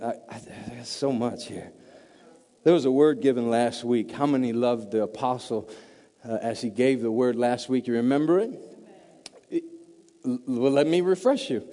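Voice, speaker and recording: A man preaching a sermon to a congregation, swinging from hushed asides to loud, emphatic build-ups. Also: on the high side, moderate pace. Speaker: pastor. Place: church sanctuary. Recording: long reverb of a large hall.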